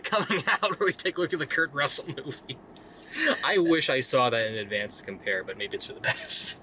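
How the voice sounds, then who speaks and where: Casual male co-host, bright and forceful tone, joking banter, faint hiss behind. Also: medium pitch, fairly quick. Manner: joking, playful, drifts into sing-song bits. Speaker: movie review co-host. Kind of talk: casual chat.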